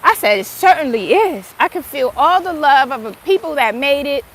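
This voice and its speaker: A woman's voice: high voice, expressive, moderate pace. A middle-aged woman giving a casual, emphatic motivational talk about gratitude, swearing freely and stretching her words for stress. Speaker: spiritual motivational speaker.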